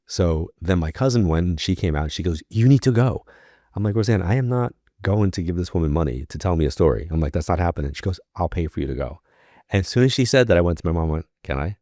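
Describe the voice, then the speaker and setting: A New York man appears as a guest on a podcast, where he's a psychic medium spinning a long personal tale in casual conversation. His voice is low, and he animatedly performs the dialogue of the people in the story. The recording has studio quality with no echo.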